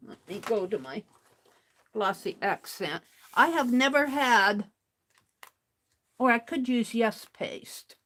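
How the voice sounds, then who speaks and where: A woman hosting a craft livestream, chatting casually and muttering to herself as she works. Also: on the high side. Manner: muttering to herself while working, slow and unhurried.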